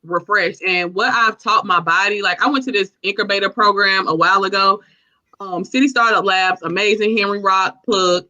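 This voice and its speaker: A woman guest chatting casually, slangy and animated as she tells stories. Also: medium pitch, normal speed. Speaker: guest entrepreneur. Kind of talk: casual chat. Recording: dull lo-fi sound.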